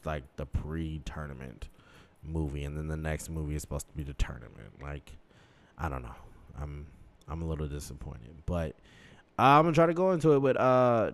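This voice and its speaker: A man chatting casually on a podcast, laid-back and profane, with trailing fillers. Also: extremely low pitch. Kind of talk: casual chat.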